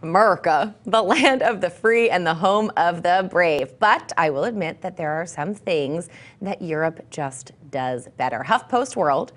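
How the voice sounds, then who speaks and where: A woman's voice: lowish voice, lively intonation, unhurried, fairly bright tone. A woman hosting a studio talk show segment, bubbly and playful as she presents a list and banters with her guest. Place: TV studio set.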